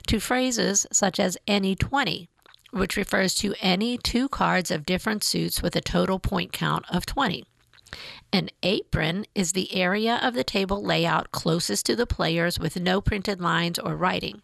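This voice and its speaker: A woman reading a news feature aloud in a measured, even way. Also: fairly low pitch, vocal fry, dry recording. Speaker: narrator.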